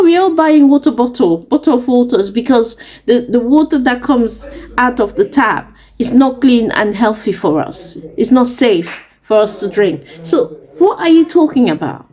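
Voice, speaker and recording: A woman's voice: on the high side, expressive, normal speed, dark tone. A young woman from Africa telling a story to camera in a passionate, indignant and emphatic way. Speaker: vlogger. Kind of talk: casual storytelling rant to camera.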